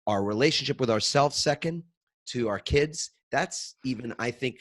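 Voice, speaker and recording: A man's voice: mid-range voice, normal speed, a bit bright, no room sound, clean studio sound. A man hosting an interview podcast, reflective and thinking aloud as he talks. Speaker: podcast host. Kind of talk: conversational interview.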